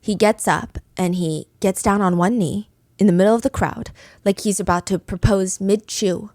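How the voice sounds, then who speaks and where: A woman's voice: medium pitch, moderate pace, darkish tone, no echo, clean studio sound. A woman hosting a true crime podcast, retelling a case in a chatty, dramatic way with casual asides. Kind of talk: casual storytelling.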